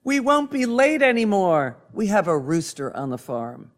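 Tiny eager lamb, voiced by a man; high-pitched, excited, storybook tone. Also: measured pace, exaggerated voice. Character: excited youngest little lamb.

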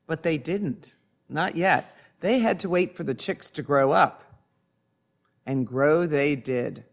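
Gentle storybook narrator, male; unhurried, slightly high. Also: vocal fry. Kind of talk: storybook reading aloud.

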